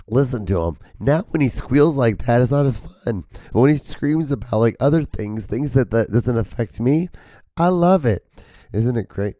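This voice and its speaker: A man's voice: medium pitch, animated, moderate pace, warm tone, no room sound. A man hosting a podcast who has lost his voice. He rambles casually in a strained, cracking voice, filling his speech with "like" and swearing. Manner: profane, rambling, full of fillers. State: hoarse, losing his voice. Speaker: podcast host.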